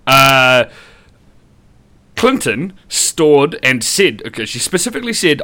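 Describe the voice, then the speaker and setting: A young man with a New Zealand accent chats on his podcast in a loose, sweary rant. His tone is bright and forward, and his pitch rises and falls a great deal as he gets worked up. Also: takes it slowly, pauses often. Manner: sweary, animated ranting. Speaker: podcast co-host. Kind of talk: casual podcast chat.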